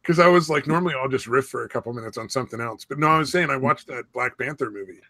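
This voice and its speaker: A man chatting on a podcast at an average pitch, rambling and often restarting his sentences. He swears freely, and his voice is recorded close and dry, with no room sound at all. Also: quick pace, bright, forceful tone, no echo. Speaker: podcast co-host. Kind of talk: casual chat.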